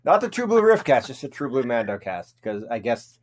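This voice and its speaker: A man in his forties co-hosting a podcast, chatting casually with jokes and quick asides. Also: medium pitch. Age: 40s. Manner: animated, joking, quick asides. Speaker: podcast co-host. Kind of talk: casual chat.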